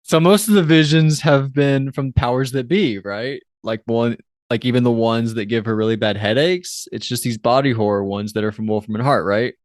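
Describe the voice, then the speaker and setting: A man in his twenties co-hosting a podcast, chatting casually with quick, joking banter and some swearing. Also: mid-range voice, dry recording, studio quality. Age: 20s. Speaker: podcast co-host. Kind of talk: casual chat.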